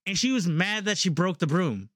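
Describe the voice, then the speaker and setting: This man in his thirties has a high-pitched voice and speaks at a normal pace, telling animated stories in a casual chat peppered with "like" and "literally." The audio is dry and studio-clean.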